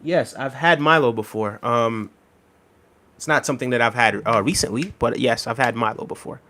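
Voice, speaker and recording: A man's voice: medium pitch, normal speed. Easygoing young man streaming live. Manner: easygoing, many ums, friendly shout-outs to viewers. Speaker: live streamer reading viewer chat. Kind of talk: casual live stream chat.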